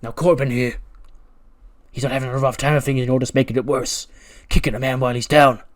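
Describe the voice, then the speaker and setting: A man voicing a menacing, threatening male wrestler, loud and taunting in a game story. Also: medium pitch, fairly even intonation, slow.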